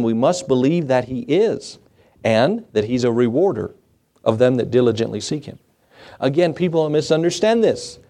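Warm-voiced preacher man. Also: a little high. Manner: folksy preaching with rhetorical questions. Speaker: pastor. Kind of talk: sermon.

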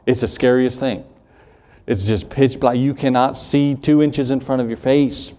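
A man's voice: medium pitch, fairly even intonation, a little slow, dark tone. Man, Southern accent, middle-aged pastor, earnest sermon, conversational asides.

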